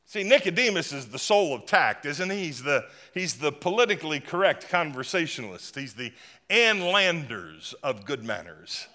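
Male pastor, lively and humorous sermon, bright tone, echoey hall. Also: fairly high pitch, moderate pace. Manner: lively, humorous and emphatic preaching.

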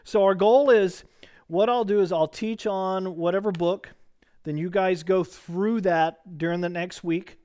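A man's voice: sits high, steady tone, unhurried, a little mellow, clean tone. A middle-aged man teaching a casual weeknight Bible study, chatty and rambling, joking with the group and full of fillers and restarts. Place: church classroom.

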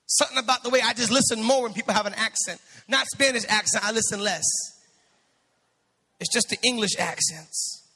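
A male pastor delivering a sermon, dropping to quiet asides and then rising into shouted, sing-song preaching. His voice sits very high for a man, sharp and gravelly. The sound carries with a long reverb through a church sanctuary.

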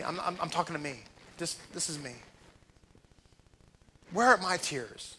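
A man's voice: on the high side, moderate pace, creaky, pauses often, bright, forceful tone, a little hiss or hum. A man preaching a sermon as a rabbi, fervent and pleading, full of rhetorical questions. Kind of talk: sermon to a congregation.

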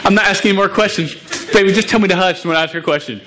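A man's voice: high-pitched, very fast, bright, forceful tone. A man preaching to a youth group as their youth pastor, earnest and emotional, often restarting and stumbling over his words.

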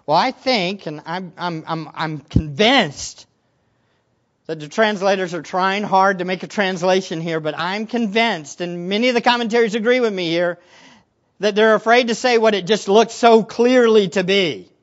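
A man preaching a sermon as pastor, animated, swinging between quiet asides and loud emphatic lines. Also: high voice, moderate pace. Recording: dull lo-fi recording.

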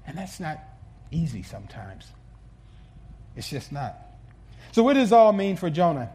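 A male pastor preaching a sermon in an earnest way, often restarting words and swinging between soft asides and emphatic peaks. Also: fairly high pitch, very animated, moderate pace, a little hiss or hum.

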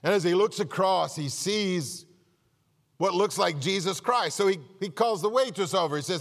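A man pastor preaching a sermon, telling a joke-filled story in a lively way and often repeating words. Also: sits high, moderate pace, big-room sound. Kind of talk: sermon with jokes. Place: church.

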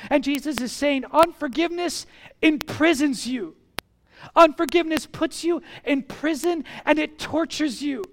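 Animated high-voiced pastor delivering a sermon, leaning on repetition. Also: slight background noise.

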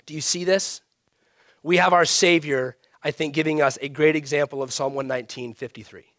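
A male pastor preaching a sermon, emphatic, swinging between raised emphasis and hushed, almost whispered lines. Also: on the high side, fairly even intonation, brisk, no echo, studio quality.

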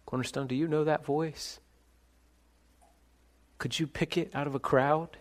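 A pastor preaching a sermon, swinging between hushed reflection and loud, ringing calls. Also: male voice, fairly high pitch, steady tone, measured pace. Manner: dramatic shifts between soft and loud, calling out names.

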